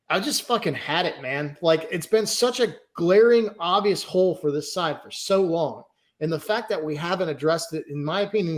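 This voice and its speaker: Ranting podcast co-host, a man with a slightly high voice, worked up and cursing. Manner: frustrated, ranting, swears. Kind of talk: heated casual podcast chat.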